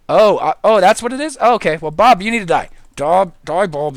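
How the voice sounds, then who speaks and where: A man livestreaming a video game, hyper and goofy, jumping from loud squealing outbursts to mumbled asides. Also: sits high, lively intonation, a little fast, dry recording. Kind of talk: excitable gaming livestream chatter.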